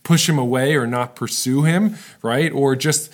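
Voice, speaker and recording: A man's voice: medium pitch, a little slow. A man preaching a sermon to viewers in a casual, earnest way, often checking in with the listeners. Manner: conversational, earnest, frequent "right?" asides. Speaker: pastor. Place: recorded for online viewers.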